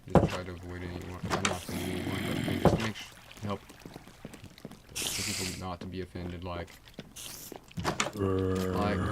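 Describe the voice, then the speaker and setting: A teenage male streamer rambling casually while playing a game, full of fillers and restarts. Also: lowish voice. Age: teens. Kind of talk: rambling gameplay livestream chat. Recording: loud background noise.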